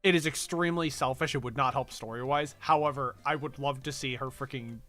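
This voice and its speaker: A man's voice: medium pitch, fairly quick, fairly bright tone, faint music behind. A male streamer reading a game's dialogue aloud and making casual, stammering asides.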